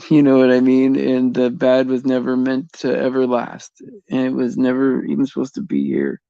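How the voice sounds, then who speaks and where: A man hosting a casual faith chat on a livestream, rambling and halting with many fillers, restarts and frequent chuckles. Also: mid-range voice, creaky, warm tone, clean tone, no room sound, dull audio.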